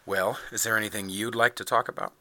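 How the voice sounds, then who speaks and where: A man's voice: fairly low pitch, steady tone, fast talker, sharp tone, no echo. A man hosting a podcast in casual interview chat, earnest and laughing often, rambling with many restarts. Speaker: podcast host.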